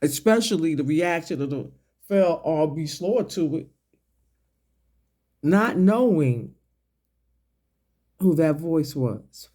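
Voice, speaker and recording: Slow, mellow-voiced man ranting. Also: on the high side, lively intonation. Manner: confrontational, profane, mocking; slow, deliberate delivery with pointed questions. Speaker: online commentator. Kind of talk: ranting commentary to camera.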